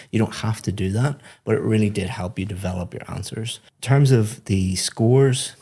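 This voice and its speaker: A man with a very deep voice talks through a speaking test result as an English teacher. He explains each point patiently and praises generously in a relaxed podcast style. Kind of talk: podcast feedback.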